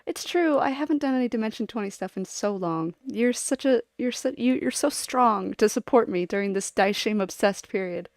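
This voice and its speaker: A woman's voice: a little high, moderate pace, hardly any pauses, darkish tone, no echo, clean studio sound. A woman streamer chatting casually to her viewers, rambling and giggling as she jumps from one topic to the next.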